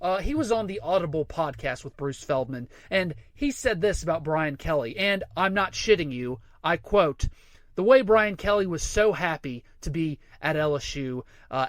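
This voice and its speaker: High-voiced man ranting sarcastically. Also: lively intonation, normal speed, no echo. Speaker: sports commentary host. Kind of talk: sports rant monologue.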